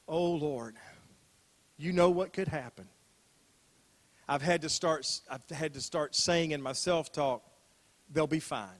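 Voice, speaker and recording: An older man delivers a sermon from the pulpit in an easy, conversational way. His voice sits a little high for a man, and he leans on repeated phrases and rhetorical questions aimed at his listeners. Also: fairly bright tone. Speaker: pastor.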